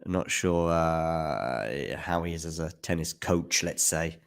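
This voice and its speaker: A man giving casual live tennis commentary on a stream, chatting with viewers by name and getting loud at big points. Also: a bass voice, takes it slowly, creaky. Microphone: handheld mic at times.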